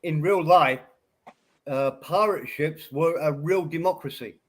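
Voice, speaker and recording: A man chats on a livestream and keeps calmly breaking in to finish his point. His voice sits slightly high, and he talks in an even, patient way. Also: unhurried. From England. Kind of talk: casual livestream chat.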